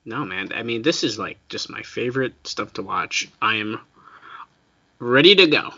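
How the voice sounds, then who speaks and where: A man's voice: medium pitch, expressive, normal speed, bright, forceful tone. A man co-hosting a casual podcast, eagerly recounting an online exchange and quoting what each person wrote, over a remote call. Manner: eager storyteller who recounts exchanges with quoted lines. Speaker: podcast co-host. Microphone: remote call headset mic. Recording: dull lo-fi call audio.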